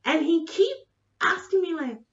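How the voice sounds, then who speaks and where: A woman telling a comedic, profane story in an animated vlog style. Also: very high-pitched, measured pace, highs cut off. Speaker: vlogger.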